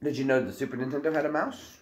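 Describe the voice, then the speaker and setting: A man's voice: medium pitch, fairly even intonation, very fast, a little hiss or hum. A man co-hosting a casual livestream chat, rambling and coughing often. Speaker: co-host. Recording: echoey room.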